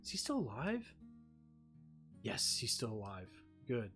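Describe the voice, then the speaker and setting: A man's voice: on the low side, huge pitch swings, unhurried, a bit bright, soft background music. A man talking in a rambling casual chat as a streamer, swearing freely and using lots of fillers.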